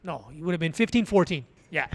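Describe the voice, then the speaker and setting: A man from Azerbaijan spins a long, crude story in casual conversation. His voice sits high for a man. He talks in an animated way, laughs often, and swears freely. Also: fast talker. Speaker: podcast guest, tattoo artist.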